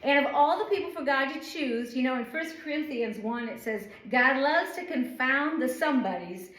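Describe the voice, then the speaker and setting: Her voice sits high, animated and fairly bright, at a normal speed. She's a middle-aged woman from the northern US, chatting and rambling through an informal Bible study with frequent fillers, in an echoey church room.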